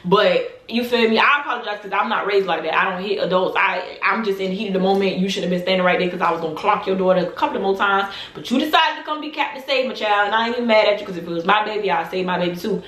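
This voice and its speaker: A woman in her twenties telling a storytime tale to her vlog audience, animated and emphatic, full of slang. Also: medium pitch, very fast, hardly any pauses, roomy sound. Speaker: vlogger.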